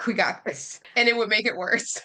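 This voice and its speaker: A woman's voice: a little high, normal speed, sharp tone. A woman guest on a podcast, speaking candidly and telling a personal story in a casual chat, with lots of fillers. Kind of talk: casual conversation.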